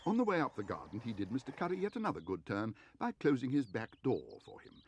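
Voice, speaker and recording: A man streaming from home, reading a children's storybook aloud in an expressive, animated way. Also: mid-range voice, fast talker, slight background noise.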